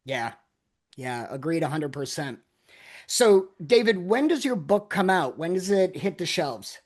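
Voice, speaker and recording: A man hosting a podcast, asking questions in a relaxed, agreeable way. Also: on the high side, unhurried. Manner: relaxed, agreeable, laughs along. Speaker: podcast host. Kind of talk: casual podcast interview.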